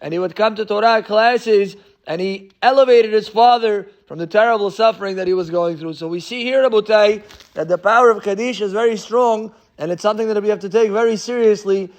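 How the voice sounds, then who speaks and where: A man's voice: high-pitched, brisk. A male rabbi giving a sermon, reading passages and translating each line into as he tells a story. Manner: reads Hebrew source then translates into English.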